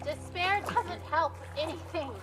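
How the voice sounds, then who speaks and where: A woman voicing a hopeful mother in a video game, pleading gently and earnestly with her husband. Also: very high-pitched, a little slow, over loud music.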